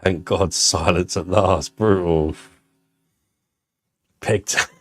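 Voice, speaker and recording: A man chats on a live stream, trading crude jokes and banter with his viewers. His voice sits low. The sound is close and dry, with no room around it. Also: steady tone, very slow, no echo. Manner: banter-heavy, jokey and crude.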